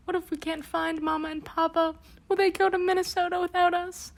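A woman's voice: fairly high pitch, lively intonation, normal speed. A woman voicing a frightened little girl lost in a crowded city, with pleading, tearful cries.

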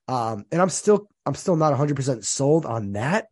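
A podcast co-host in his thirties from New Jersey talks quickly and thinks aloud. He is reflective and often repeats his phrases. He is recorded close and dry. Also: medium pitch, lively intonation, darkish tone, husky, no room sound. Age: 30s. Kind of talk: casual chat.

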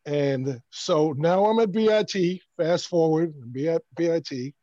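A man from Brooklyn, New York, tells a casual story with lively energy, stumbling over and restarting his words. His voice sits a little high for a man. The sound is dull and dry. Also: measured pace, dry recording. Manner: animated, stammering restarts. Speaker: bass player guest.

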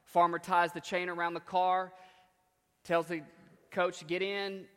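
A man telling stories from the pulpit in a repetitive, emphatic, conversational way. His voice sits a little high. A long hall reverb hangs behind his words. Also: flat delivery, moderate pace, a bit bright, clean tone. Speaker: preacher. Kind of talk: storytelling sermon.

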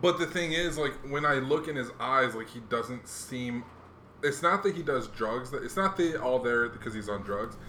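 A young man hosting a podcast, chatting casually in a rambling, animated way with lots of fillers. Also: mid-range voice, moderate pace. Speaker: podcast host. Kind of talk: casual chat. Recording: echoey room, faint noise.

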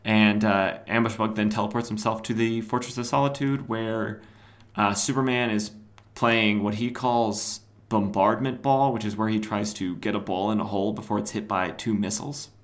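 A man's voice: lowish voice, fairly even intonation, moderate pace. A man hosting a podcast, casually recapping an old comic with rambling asides. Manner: rambling, many fillers, chuckles at own asides. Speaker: podcast host.

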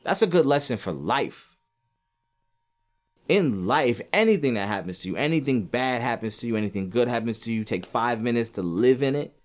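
A man giving a casual, animated commentary on boxing, rambling with lots of fillers and acting out quotes. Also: mid-range voice, normal speed. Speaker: sports commentator.

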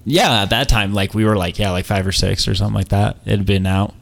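A man's voice: fairly low pitch, fairly even intonation, fast talker, creaky, fairly bright tone. A young man co-hosting a podcast, joking and swearing freely in casual chat. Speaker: podcast co-host.

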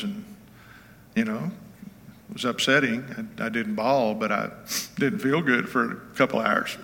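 Folksy older pastor in a reverberant hall. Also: male voice, mid-range voice, sharp tone. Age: 70s. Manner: folksy, conversational, checks in with listeners. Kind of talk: informal teaching sermon.

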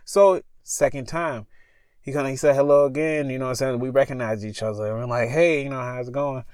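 A man's voice: mid-range voice, fairly even intonation, a little fast, a little mellow, smooth, no echo, studio quality. A young man telling a spooky personal story as a podcast host, talking casually in a parked car. He rambles and stops to correct himself.

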